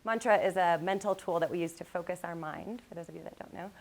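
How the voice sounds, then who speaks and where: A woman gives a live motivational talk, telling lively personal stories, laughing often, and speaking directly to the crowd. She talks fast in a lowish voice with animated energy.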